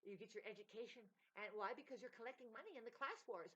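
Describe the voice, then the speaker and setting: A woman's voice: quick pace, hardly any pauses, breathy edge. Heated rambling woman, lo-fi. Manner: rambling, heated, swearing, swinging between loud outbursts and low mutters. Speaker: vlogger. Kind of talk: emotional unscripted rant to camera. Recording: dull lo-fi recording.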